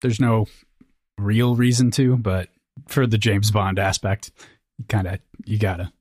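A man co-hosting a podcast in relaxed casual chat. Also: lowish voice, a little slow, no room sound, studio quality. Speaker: podcast co-host.

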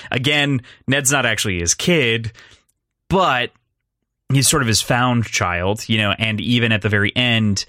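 A young man co-hosting a podcast, talking through a film in a rambling, animated way, with restarts and laughs. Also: mid-range voice, a little slow, no room sound, clean studio sound. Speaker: podcast co-host. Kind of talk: casual film discussion.

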